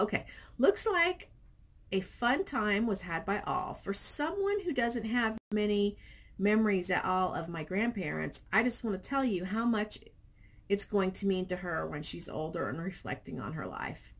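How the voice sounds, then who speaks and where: Animated, slightly husky woman vlogger. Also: mid-range voice, normal speed. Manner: chatty, animated storytelling. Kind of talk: casual chat, reading viewer comments.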